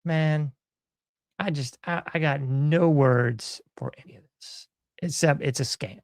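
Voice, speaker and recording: A man's voice: fairly high pitch, a little slow, no room sound, studio quality. A man hosting a podcast in casual commentary, folksy and sarcastic, often chuckling. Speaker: podcast host.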